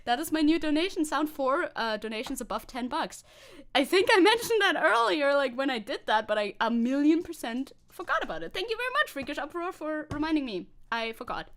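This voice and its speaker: Woman streamer with a somewhat high voice who rambles to her chat and breaks into laughs. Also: animated, fairly quick, a bit bright. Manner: rambling, giggly, talks to chat while typing. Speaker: VTuber streamer. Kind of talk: casual live-stream chat.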